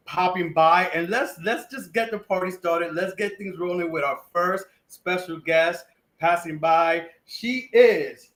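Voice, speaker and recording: A man's voice: a little high, a bit bright, echoey room. A man hosting a podcast, upbeat and playful as he talks with his co-host and guest. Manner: upbeat, playful, hyping the show. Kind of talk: casual chat.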